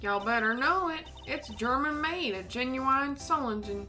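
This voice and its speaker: A woman's voice: mid-range voice, normal speed, sharp tone, faint music behind, lightly acted. Lotta Hart, a drawling country gal as a woman puts her on. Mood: folksy. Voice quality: drawling rustic twang. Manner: folksy and boastful. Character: brash young country woman photographer.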